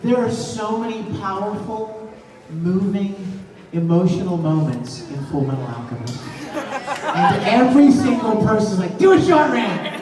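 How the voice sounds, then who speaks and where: A man's voice: high-pitched, lively intonation, unhurried. A man on a live convention Q&A panel, teasing and coaching a fan in a playful way, recorded on a phone from the audience. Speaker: voice actor answering fan questions on a convention panel. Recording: distant phone recording in an echoey hall with crowd noise.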